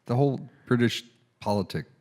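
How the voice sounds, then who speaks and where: A man co-hosting a casual comedy podcast, quick with puns and one-liners. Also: medium pitch, a little mellow. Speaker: podcast co-host.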